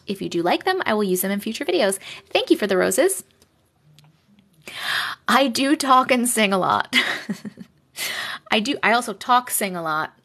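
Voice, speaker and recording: A woman's voice: fairly high pitch, pushed and bright. Chatty Long Island woman, swears freely. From Long Island, New York. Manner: chatty and blunt, swears freely, riled up when annoyed. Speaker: host reading viewer stories on a live stream. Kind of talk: casual live-stream chat and story reading. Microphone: phone mic, held close or clipped to her shirt.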